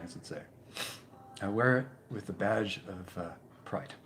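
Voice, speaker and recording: A man hosting a casual live stream, reading viewer comments and chatting in a rambling, halting way, repeating his words. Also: on the low side, fairly bright tone, a little hiss or hum. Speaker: YouTube channel host.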